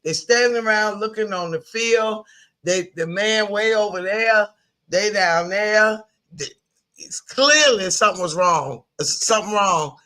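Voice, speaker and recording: A man co-hosting a casual sports show, his voice high for a man and bright. He hammers home his opinions by saying them again and again. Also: a little slow. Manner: emphatic, repeats his point. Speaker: sports talk show co-host.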